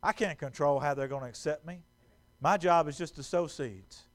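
A man preaching a sermon in a church, animated and stumbling over repeated words as he acts out quotes. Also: a little high, normal speed. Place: church sanctuary.

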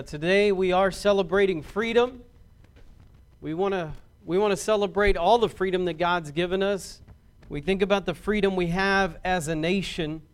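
High, smooth-voiced preaching man. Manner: earnest, heartfelt preaching with emphatic repeats. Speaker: pastor. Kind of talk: sermon.

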